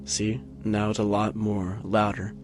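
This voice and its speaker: A man with a slightly low voice rambles casually into a tabletop microphone in a carpeted room at home. He drifts along with plenty of fillers and restarts, and soft music plays faintly behind him. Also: little pitch movement, unhurried. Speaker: vlogger. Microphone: tabletop USB microphone, close, with headphones on.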